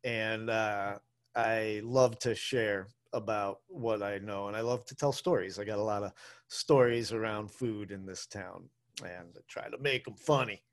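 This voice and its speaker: A man's voice: on the low side, measured pace. A man hosting a solo podcast, talking in a chatty, rambling, self-deprecating way with plenty of fillers. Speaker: podcast and radio host, food tour guide. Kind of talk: casual solo podcast monologue.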